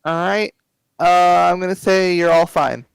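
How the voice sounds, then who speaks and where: Male game master, fairly high voice, casual, hesitant, dry recording. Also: measured pace, gravelly, clean tone, no echo, low-quality recording. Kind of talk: narrating a tabletop game.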